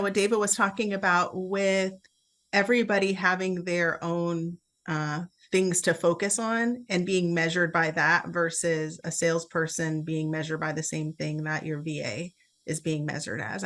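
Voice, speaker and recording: A woman's voice: lowish voice, fairly even intonation, moderate pace, fairly bright tone. A woman panelist making a thoughtful point in a casual chat.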